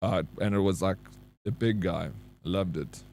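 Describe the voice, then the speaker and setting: A man's voice: low voice, normal speed, darkish tone, a little hiss or hum. A man with a South African accent, a live streamer chatting casually and rambling with his viewers. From Johannesburg, South Africa. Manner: loose and rambling, reads chat aloud, laughs easily.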